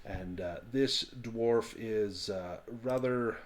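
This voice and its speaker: A man with a voice on the low side runs a tabletop game as game master. His narration is halting and packed with fillers.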